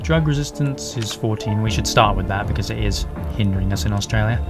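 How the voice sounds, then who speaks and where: A man's voice: on the low side, fairly quick, music in the background. A young man casually commenting while he plays a game, rambling, swearing and poking fun at himself. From England. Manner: rambling, sweary, self-mocking. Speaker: gaming YouTuber. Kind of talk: casual let's play commentary. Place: home, English countryside.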